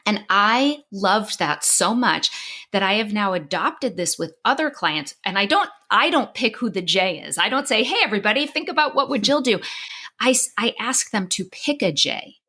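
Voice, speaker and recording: A woman's voice: medium pitch, expressive, moderate pace, sharp tone. A middle-aged woman host speaking in an ordinary mid-range voice, talking candidly and with feeling. She restarts often and leans on fillers as she shares a personal story, and at moments her voice breaks with tears. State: crying at times. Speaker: podcast host and psychologist.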